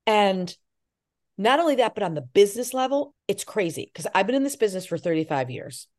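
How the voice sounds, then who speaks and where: A middle-aged actress in an interview, telling animated stories and acting out the voices of people she quotes. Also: medium pitch, fairly quick. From Irish Catholic family. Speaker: actress and filmmaker. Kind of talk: interview chat.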